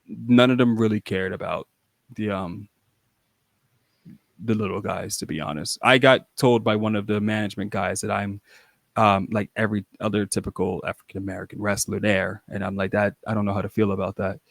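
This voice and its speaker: A man's voice: lowish voice, steady tone, normal speed, creaky, dry recording, studio quality. A young man, a wrestler guest on a podcast, telling rambling, casual stories full of restarts and acted-out quotes. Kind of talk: casual storytelling.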